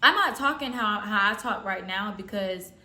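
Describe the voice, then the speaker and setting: A woman from the Southern US telling a story casually in a slangy, rambling way with animated quotes. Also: medium pitch, moderate pace. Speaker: storytime vlogger. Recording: roomy echo.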